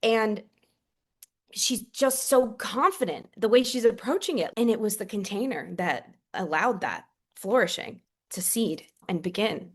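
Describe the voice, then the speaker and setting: Podcast guest: a woman speaking with warm, effusive conviction, mid pitch. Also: lively intonation, a little slow, husky. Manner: earnest and effusive, with soft whispered asides. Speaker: priestess and author, podcast guest. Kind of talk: casual chat.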